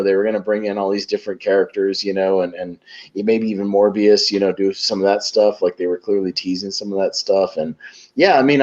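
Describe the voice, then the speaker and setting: Excitable rambling man on a podcast. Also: on the low side. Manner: excitable, rambling, full of "you know" and "like". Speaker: podcast host. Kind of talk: casual chat. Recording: dull lo-fi recording.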